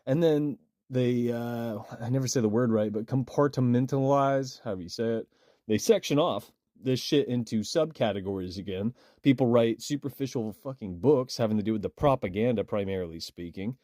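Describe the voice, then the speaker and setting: A man's voice: mid-range voice, normal speed, mellow, no echo, studio quality. A man ranting in a rambling, cursing monologue with a toothbrush in his mouth. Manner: rambling, cursing, frustrated rant. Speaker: vlogger. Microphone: phone.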